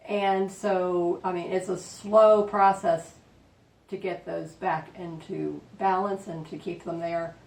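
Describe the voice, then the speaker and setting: A woman vlogging a quilting tutorial at home, rambling and excitable with lots of fillers. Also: slow, vocal fry. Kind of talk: casual chatty craft tutorial. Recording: roomy, distant mic, faint rumble.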